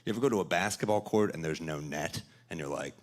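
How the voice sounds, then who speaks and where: A man performing stand-up comedy on a club stage into a handheld mic, with a dry, deadpan delivery. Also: deep voice, fast. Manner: deadpan, dry delivery, talking back to a heckler. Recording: live club recording, laughing crowd.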